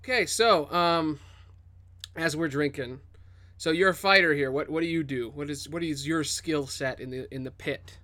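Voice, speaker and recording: A man's voice: a little high, moderate pace, sharp tone, no room sound. A young man joking around as a player in a tabletop game, sometimes putting on voices for his character.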